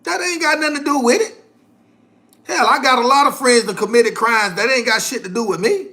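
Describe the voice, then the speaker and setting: A man holds forth on his own livestream in a heated, rambling rant. His voice sits high and sounds bright and forceful. He repeats his points over and over in loose, slangy speech. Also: a little fast. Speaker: livestream host.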